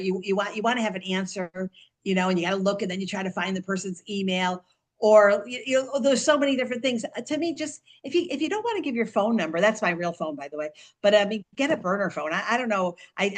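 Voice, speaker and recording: A middle-aged woman, an author and guest on a podcast, talking in animated bursts and often restarting or repeating her words. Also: mid-range voice. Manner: speaks digits slowly and deliberately. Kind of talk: conversational interview.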